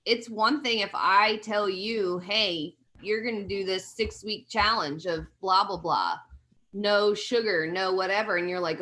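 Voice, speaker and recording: Woman, fitness coach, video call audio, encouraging and conversational, mid-pitched voice. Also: normal speed, pushed and bright.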